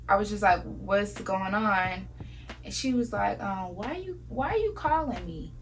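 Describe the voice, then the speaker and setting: A woman's voice: medium pitch, low-quality recording. A woman in her twenties from Savannah with a Southern accent, candidly telling a painful personal story in a conversational vlog. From Savannah, Georgia. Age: 20s. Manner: candid, conversational, drops to soft near-whispers at painful moments. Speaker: vlogger.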